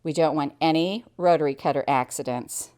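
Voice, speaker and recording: A woman's voice: low voice, moderate pace, darkish tone. A middle-aged American woman teaching quilting, chatting cheerfully as she explains each step while she cuts and sews. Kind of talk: hands-on sewing tutorial.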